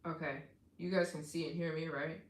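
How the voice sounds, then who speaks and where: A woman's voice: sits low, steady tone, brisk, roomy sound. A woman live streaming, chatting casually with viewers and thanking them for donations, tired and yawning.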